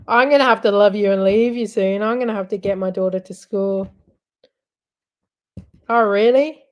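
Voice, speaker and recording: A woman's voice: mid-range voice, normal speed, muffled recording. A woman hosting a casual live chat, rambling and giggling as she talks. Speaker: livestream host.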